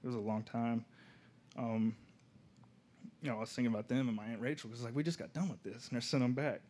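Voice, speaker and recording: A young man from Oklahoma, speaking as a student, tells his personal testimony in a casual, halting way that turns soft-spoken at moments. His voice is mid-range with a steady tone.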